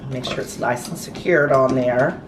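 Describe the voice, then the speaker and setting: A middle-aged woman with a bass voice hosts a casual cooking demonstration in her home kitchen, chatting at normal speed with frequent ums and restarts. The mic sits far away, leaving the audio echoey and noisy.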